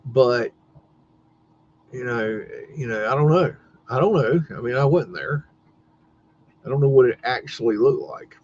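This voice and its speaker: A man's voice: mid-range voice, unhurried, long pauses, darkish tone. Casual male stream host, rambly, laughs a lot, salty language. Muffled lo-fi audio, faint hiss. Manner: rambling, laughing, swearing, talks to his dog. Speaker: livestream host. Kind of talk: casual livestream commentary.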